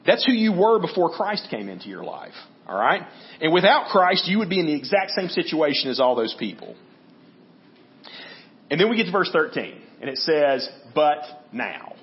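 Guy preaching a sermon, lively up and down voice, kinda muffled lo-fi sound. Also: on the high side, normal speed. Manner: conversational teaching, frequent "right?" checks. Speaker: pastor. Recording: dull lo-fi audio.

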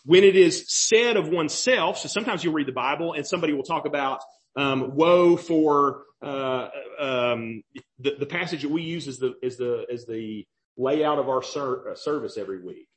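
Young male preacher, fairly high voice, conversational sermon style. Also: normal speed. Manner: conversational preaching, asks the room "right?" and "okay?". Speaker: pastor.

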